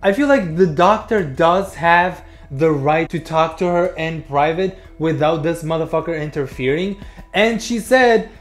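The voice is a mid-pitched reaction host, blunt and sarcastic, swearing freely while commenting on a clip. The tone is casual and mocking. Faint music plays underneath. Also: a little slow.

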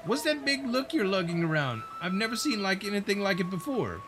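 A man's voice: high voice, sing-song, a little fast, noisy background, pitched above the performer's own voice. A man voicing a cocky male skeleton pirate sailor in a put-on British pirate accent, teasing and swaggering. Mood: jovial. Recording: game music behind.

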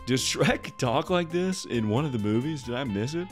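A man streaming, making wry jokes in casual commentary that bursts into loud, excited yelling. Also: medium pitch, moderate pace, few pauses, soft background music. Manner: wry, joking asides.

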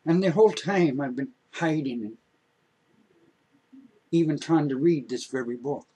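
A man voicing a remorseful male thief who speaks softly and apologetically in a told story. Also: on the high side, a little slow, slightly rough, poor audio. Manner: soft, apologetic.

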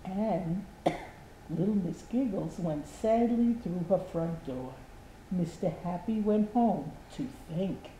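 Elderly woman storybook reader, soft dark tone, echoey room. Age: 80s. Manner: slow, gentle, lively storytelling pitch. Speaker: grandmother reading aloud. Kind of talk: storybook read-aloud. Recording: echoey room with faint hiss.

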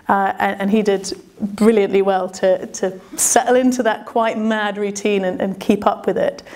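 A woman's voice: mid-range voice, steady tone, normal speed, darkish tone. A woman telling a travel story in a chatty, self-deprecating way, laughing often. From Britain. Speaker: adventurer and speaker. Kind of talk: storytelling talk.

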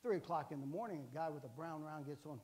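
A man's voice: a little high, fast, a little mellow, long reverb tail. A man in his sixties, a guest preacher telling jokey, folksy stories in a sermon and often asking "amen". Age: 60s. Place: church sanctuary.

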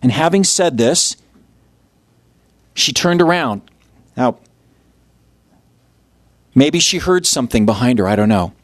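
A man's voice: mid-range voice, animated, slow pace, long pauses, no room sound. A man preaching a sermon as pastor, telling the story vividly and acting out the voices of its people. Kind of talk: expository sermon.

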